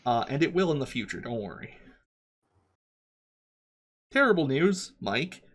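A man's voice: medium pitch, sing-song, a little slow, fairly bright tone. Man rambling as game master. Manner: rambling, many fillers and restarts. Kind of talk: narrating a tabletop game.

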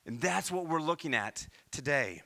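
Pastor guy from iowa preaching in church, bright voice, pitch jumps all over. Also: moderate pace, vocal fry. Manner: animated preaching with rhetorical questions. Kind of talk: sermon.

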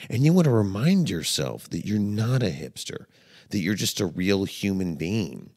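A man's voice: very animated, normal speed, a little mellow, husky. A man hosting a comedy podcast, delivering a playful, mock-dramatic monologue. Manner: playful, mock-dramatic, swings between low mutters and high exclaims.

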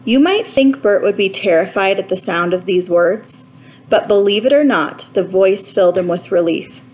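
A woman narrating a children's storybook in a clear, measured reading voice. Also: mid-range voice, lively intonation, a little mellow, low-quality recording. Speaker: audiobook reader.

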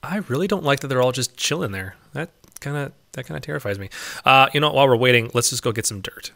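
A man with a bright, ringing voice gives casual commentary while he plays a game. His pitch swoops up and down as he chats, laughs often and coaxes the animals along in a singsong way. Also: expressive, fast talker, vocal fry. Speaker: let's play host.

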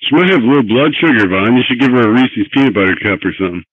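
A man's voice: medium pitch, expressive, fast, phone-quality sound. A man in an online chat room who teases the others with crude jokes.

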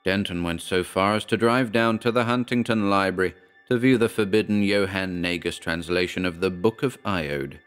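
A man with a very deep, smooth, resonant voice reads a horror tale in a measured, grave way. He is close to the mic, and soft music plays faintly beneath his words. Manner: measured, grave storytelling with quoted dialogue read plainly. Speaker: narrator. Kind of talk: scripted horror narration.

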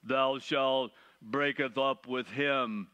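A man mimicking God as a smooth insurance-ad announcer speaking in mock-archaic English. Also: medium pitch, fairly even intonation, sharp tone. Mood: solemn. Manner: slow, grand, mock-archaic.

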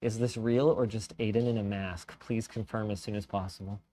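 A man's voice: lowish voice, steady tone, normal speed, dark tone, a little hiss or hum. A man from Canada in a casual gaming chat, matter-of-factly explaining tech and correcting his friend. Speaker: guest streamer.

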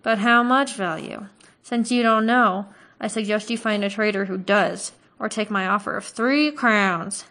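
A woman's voice: medium pitch, a little slow, bright, forceful tone. A woman reading aloud and voicing a small, suspicious male village butcher who talks in a scornful, sarcastic and snappish way.

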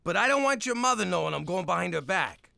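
A man voicing a gruff, exasperated ex-mobster father in an adult cartoon, prone to yelling and soft on his daughter. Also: high-pitched, big pitch swings, quick pace, full character voice. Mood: pleading. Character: blustery mob-guy dad, soft on his daughter. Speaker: strip club owner and father.

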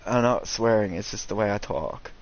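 A young man doing casual, sweary commentary over a video game, ranting and excitable. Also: on the low side, normal speed, dull audio, slight background noise. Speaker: gaming streamer.

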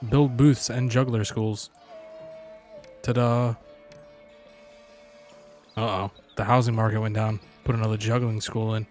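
A gaming channel host with a fairly low, level, slightly mellow voice offers casual gameplay commentary at an unhurried pace with long pauses. He swears and makes sarcastic remarks to the characters on screen as faint music plays behind him.

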